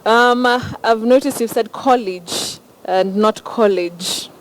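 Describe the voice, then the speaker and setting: A woman presenter, briskly putting word questions to a guest and spelling words out. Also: fairly high pitch, low-quality recording. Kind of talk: on-air interview segment.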